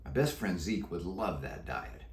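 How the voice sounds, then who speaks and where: A nervous, curious schoolboy , voiced by a man fires off excited questions in a raised voice. His pitch leaps about. The reading is in an echoey room. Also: a little slow, creaky, exaggerated voice. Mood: eager. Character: eager, anxious middle-school boy. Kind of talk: storybook read-aloud.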